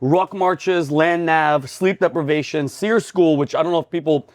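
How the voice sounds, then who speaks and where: Comedian host, male, raised-pitch voice, loud animated storyteller. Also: normal speed. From New York. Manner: loud, excitable, acts out yelling drill instructors.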